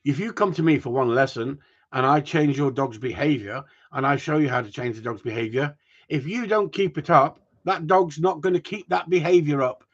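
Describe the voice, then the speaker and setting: A man's voice: a little high, normal speed. Male dog trainer, live-stream host; rambling, sweary rants over muffled stream audio. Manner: chatty, ranting, swears casually. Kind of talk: casual live-stream chat reading viewer comments.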